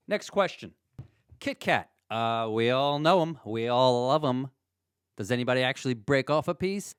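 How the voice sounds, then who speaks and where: A man hosting a podcast trivia game, playful and animated, with ranting asides. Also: medium pitch, normal speed, clear, resonant tone, no echo, studio quality. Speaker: podcast host.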